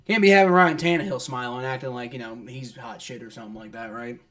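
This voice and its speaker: A man's voice: mid-range voice, fast, fairly bright tone. A man giving live play-by-play of a football game as a fan, exasperated, complaining and swearing casually. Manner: exasperated, complaining at refs and players; swears casually, many fillers like "like". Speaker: fan streamer doing play-by-play.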